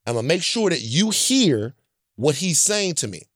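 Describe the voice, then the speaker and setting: A stern working father, middle-aged and unyielding, as his son puts him on, lays down each word slowly and firmly, a little higher than the teller's own voice. The sound is dry and close. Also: sing-song, fairly bright tone, no room sound. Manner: firm and deliberate, slow for emphasis.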